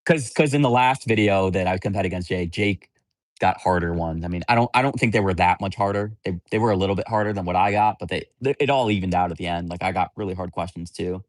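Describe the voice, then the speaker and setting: A man's voice: sits low, fast, dry recording, studio quality. A man hosting a livestream, chatting casually with viewers in a candid, rambling, blunt way. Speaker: livestream host.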